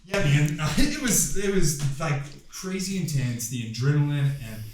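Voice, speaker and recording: A man in his twenties, a guest on a podcast, tells a story in a casual, profane, animated way and acts out the quoted lines. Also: fairly high pitch, a little slow. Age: 20s. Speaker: podcast guest, pro MMA fighter. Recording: roomy room, faint noise.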